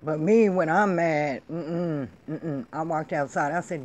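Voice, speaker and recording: A woman's voice: low-pitched, a little slow, hardly any pauses, darkish tone. Blunt, profane middle-aged woman ranting. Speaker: vlog host. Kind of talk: casual ranting monologue.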